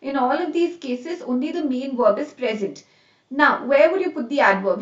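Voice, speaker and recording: A woman's voice: sits high, lively intonation, normal speed. A woman with an Indian English accent teaching an online grammar lesson, mixing in Hindi and checking in with her class often. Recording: dull, echoey, a bit distant.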